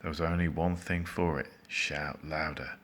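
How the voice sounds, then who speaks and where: A man reading a children's storybook aloud, expressive, with dramatic pauses. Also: a bass voice, slight background noise.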